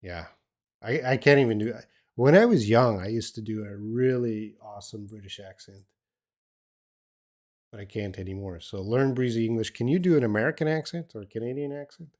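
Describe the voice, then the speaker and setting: An older man with an Australian accent, an English teacher casually answering viewers' questions in a live stream lesson, with relaxed, rambling speech full of fillers and restarts. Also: lowish voice, fairly quick.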